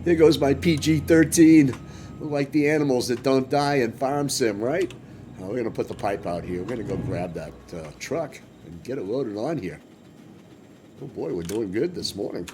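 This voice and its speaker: A man from Massachusetts talks his way through a farming game stream, with a low voice that jumps around a lot in pitch. He rambles and cracks jokes as he plays. Engine rumble from the game vehicles runs clearly underneath. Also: lively intonation, normal speed, darkish tone. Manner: chatty, rambling, joking asides. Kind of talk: casual gameplay commentary.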